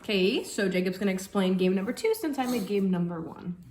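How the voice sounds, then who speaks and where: A woman's voice: mid-range voice, a little fast, darkish tone, reverberant, a little hiss or hum. A young woman co-hosting a home vlog, chatting casually with a playful, teasing manner and frequent laughter. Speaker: vlog co-host. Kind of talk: casual chat.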